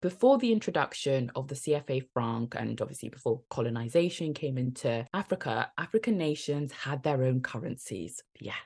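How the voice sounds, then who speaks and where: A woman's voice: a bass voice, expressive, moderate pace, gravelly, hardly any pauses, darkish tone, husky. A woman co-hosting a podcast in a casual, upbeat, chatty way, laughing often. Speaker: podcast co-host. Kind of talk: casual chat and presenting.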